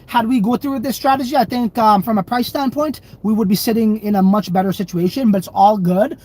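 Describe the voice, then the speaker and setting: A man's voice: sits high, quick pace, darkish tone. A man hosting a casual livestream, reading viewer comments aloud and rambling loosely with frequent swearing and laughter. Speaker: crypto livestream host.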